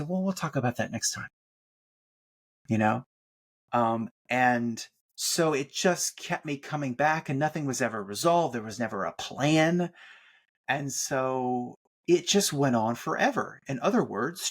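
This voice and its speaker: A middle-aged man, a podcast guest and author, talking in animated conversation, often restarting his sentences and acting out what others said to him. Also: medium pitch, a little slow. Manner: animated, frequent restarts and "like", acts out quoted therapists. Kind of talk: conversational interview talk.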